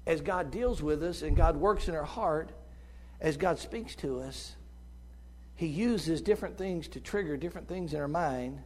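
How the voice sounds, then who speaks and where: A middle-aged man with a squeaky tenor voice preaching a sermon as a visiting preacher. He is impassioned and swings between loud urging and hushed tones. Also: slight background noise.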